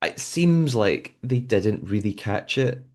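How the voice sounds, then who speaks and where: A man hosting a podcast, recapping a show episode in a relaxed conversational way. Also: on the low side, slow. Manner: conversational recapping with frequent fillers and restarts. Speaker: podcast host.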